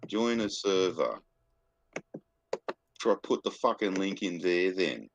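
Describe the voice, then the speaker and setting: A man's voice: low voice, very animated, slow pace, vocal fry, noisy background. A man on a stream call, swearing nonstop and sounding frustrated. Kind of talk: casual chat.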